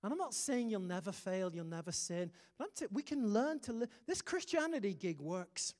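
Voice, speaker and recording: A man's voice: sits high, sing-song, normal speed, darkish tone. A British man preaching a sermon, emphatic and humorous, with sudden punchy exclamations. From Britain. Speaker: pastor. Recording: long hall reverb.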